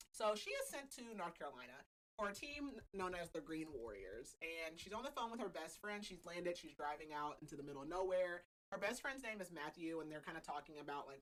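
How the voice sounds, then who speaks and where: A woman with a lowish, fairly bright voice hosts a podcast, casually recapping a book's plot. She's chatty and laughs a lot, filling her speech with filler words.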